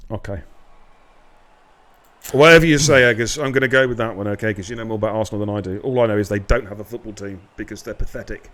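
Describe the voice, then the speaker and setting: A man's voice: on the low side, fast, fairly bright tone. A man from England commentating a sim race stream, joking and bantering casually with his co-host.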